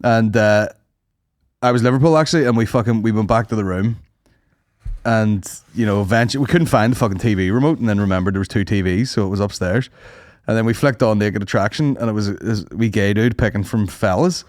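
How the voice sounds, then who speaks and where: A man's voice: fairly low pitch, fairly quick, a little mellow, no echo, clean studio sound. A young Northern Irish man co-hosting a comedy podcast, telling stories with lots of swearing and laughter. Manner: sweary, laughs often, storytelling. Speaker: podcast co-host. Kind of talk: casual comedy chat.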